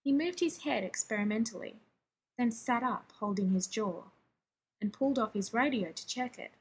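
A woman narrating a story aloud in a steady, expressive reading. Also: on the high side, moderate pace, husky, low-quality recording. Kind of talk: fan fiction audiobook reading.

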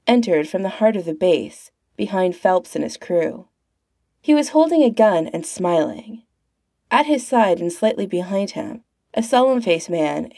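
A woman narrates a fan-written story at an even, unhurried clip. Her voice is mellow and soft-edged, and the recording is dry and close, with no room around it. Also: lowish voice, vocal fry, no room sound. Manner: reads aloud, putting on character voices. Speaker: fan fiction reader.

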